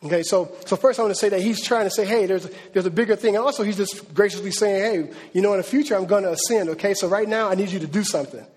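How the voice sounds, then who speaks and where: A man preaching a sermon as a pastor, in a conversational, animated style with slangy asides. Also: high-pitched, fast talker, hardly any pauses, breathy edge. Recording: reverberant hall.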